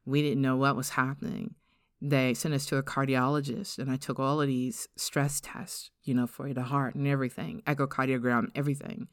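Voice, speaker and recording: Middle-aged black woman podcaster, african-american english accent, smooth clear voice, talks earnest and reflective, close dry mic. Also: extremely low pitch, little pitch movement, dry recording. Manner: earnest, reflective, slows to stress key words. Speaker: podcast host. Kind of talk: personal testimony podcast.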